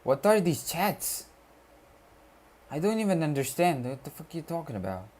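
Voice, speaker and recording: This young man from Kerala, India, whose first language is Malayalam, has a voice on the high side with big pitch swings and a darkish tone. Slow and laid-back, he hangs out on a study livestream, reading chat aloud in slang.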